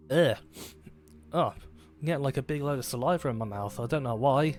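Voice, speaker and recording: A man's voice: medium pitch, fairly quick, long pauses, darkish tone. A man talks through a game on a live stream, loose and rambling and full of fillers and false starts. He pokes fun at himself as he goes. Faint game music plays behind him. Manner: rambling, self-deprecating, many fillers and restarts. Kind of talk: casual live-stream commentary.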